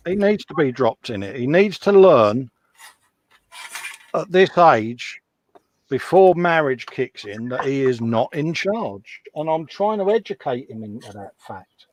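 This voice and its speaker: A man's voice: on the high side, dry recording. A middle-aged Englishman hosting a live stream, bantering in a self-mocking, joking way and laughing often. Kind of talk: casual banter.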